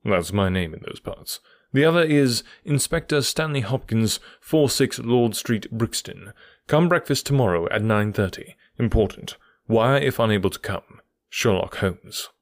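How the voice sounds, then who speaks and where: A man reading the part of a confident Victorian detective, crisp and dryly critical. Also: lowish voice, lively intonation, a little slow, no echo, studio quality. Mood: brisk. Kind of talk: audiobook dialogue reading.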